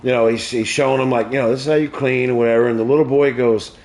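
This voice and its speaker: A man, a comedian hosting a stream, tells crude jokes and stories in relaxed, profane chat. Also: medium pitch, fast. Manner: crude, profane joke-telling. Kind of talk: casual storytelling chat.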